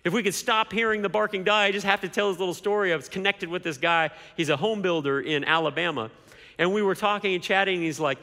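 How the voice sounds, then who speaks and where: A man's voice: high voice, fast, sharp tone. A man preaching a sermon as pastor, emphatic, with repeated rhetorical questions. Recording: long hall reverb.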